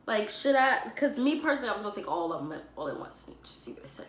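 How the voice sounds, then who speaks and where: A young woman vlogger, telling a personal story in a casual, animated and dramatic way, full of fillers. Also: medium pitch, very fast. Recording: echoey room with faint ambient noise.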